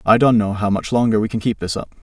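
A man's voice: lowish voice, fairly even intonation, quick pace, a little mellow, dry recording, close to an everyday voice. A man voicing Darren, an eager but nervous young adult man who speaks tensely. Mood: fearful. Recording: distant dry mic.

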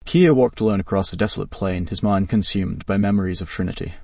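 A man narrating a dramatic story in a steady, even reading voice. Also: sits low, fast, gravelly, breathy edge, no room sound, far from the mic.

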